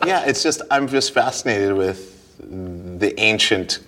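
A man with a very deep, low voice chats loosely in an interview, looping back over his words. He laughs easily and keeps restarting his thoughts as they come to him. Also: expressive, slow pace, pushed and bright. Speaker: guest, stage performer. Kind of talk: casual interview conversation.

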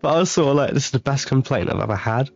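A man's voice: medium pitch, lively intonation, very fast, vocal fry, lo-fi sound. A young man co-hosting a casual chat podcast, telling rambling stories and laughing often. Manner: laid-back, laughs often, rambling storytelling. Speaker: podcast co-host.

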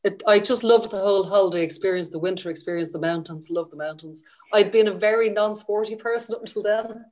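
A woman's voice: medium pitch, fast talker, hardly any pauses, darkish tone. A middle-aged woman from Ireland, a ski journalist, talking chattily and with enthusiasm in a casual interview.

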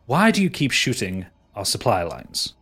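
A man voicing an exasperated, condescending male merchant leader who explains things slowly. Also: medium pitch, wildly swooping pitch, a bit bright, breathy edge, faint music behind, full character voice. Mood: probing.

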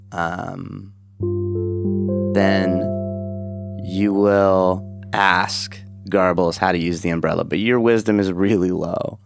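A man improvising a comedic story in a rambling, halting way, with many fillers and frequent throat clearing. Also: low voice. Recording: loud guitar music behind. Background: guitar music.

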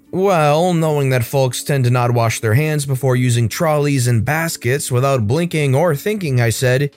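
Animated man narrating stories over soft music. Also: medium pitch, moderate pace, few pauses. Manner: expressive, animated storytelling. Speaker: story narrator. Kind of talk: reading online stories aloud.

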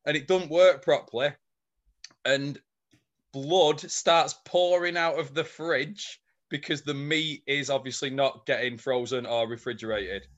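A man's voice: fairly high pitch, fairly even intonation, measured pace, fairly bright tone, dull audio. A man, co-hosting a casual chat and retelling a story, laughing and swearing as he goes. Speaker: podcast co-host.

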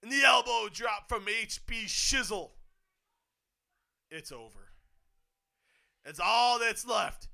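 Bright, excitable man calling wrestling. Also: sits high, takes it slowly, gravelly, long pauses. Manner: swings from hushed muttering to sudden shouting; profane, laughs often. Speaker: co-host of a wrestling watch-along. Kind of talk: excited live match commentary.

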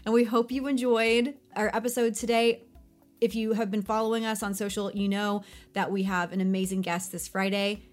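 A woman's voice: medium pitch, little pitch movement, normal speed, soft background music. A woman co-hosting a podcast, chatting casually and quizzing her co-host.

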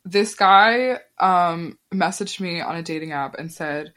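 A woman's voice: fairly low pitch, animated, measured pace, few pauses, a bit bright. A young adult woman hosting a podcast in casual chat, talking loosely and saying "like" a lot. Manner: chatty, sprinkles "like" through her talk. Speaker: podcast host.

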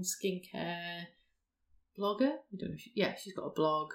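A woman's voice: lowish voice, fairly even intonation, moderate pace, creaky, fairly bright tone. A woman, co-hosting a casual podcast chat and explaining a routine step by step. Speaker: podcast co-host.

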